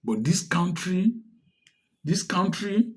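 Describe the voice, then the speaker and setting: Impassioned Nigerian man, slow deliberate delivery. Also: high-pitched, big pitch swings. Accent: Nigerian English. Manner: impassioned, preachy, rhetorical questions. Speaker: commentator. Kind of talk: direct-to-camera social commentary.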